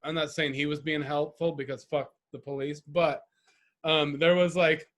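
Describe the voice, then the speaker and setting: A man's voice: fairly high pitch, little pitch movement, normal speed, a bit bright. A man co-hosting a casual podcast chat, rambling and profane, often laughing. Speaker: podcast co-host.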